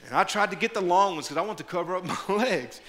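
A middle-aged man preaching as a pastor, telling stories with animated energy and dropping into quiet prayer, often repeating words. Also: high voice, fast. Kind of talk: sermon.

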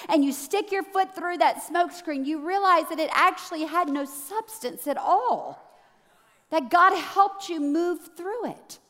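In a large hall, a woman delivers a lively sermon to her congregation at an unhurried pace, shifting between quiet, low stretches and loud bursts of excitement.

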